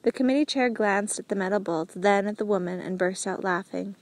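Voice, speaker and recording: A woman narrating an audiobook with a steady, measured reading. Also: medium pitch, vocal fry, dry recording. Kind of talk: scripted narration.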